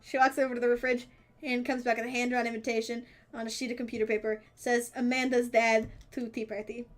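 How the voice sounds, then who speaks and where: Giggly high-voiced woman streamer. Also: flat delivery, a little fast. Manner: giggly, playful, switches into put-on character voices. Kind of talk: reading a dating game aloud with silly voices.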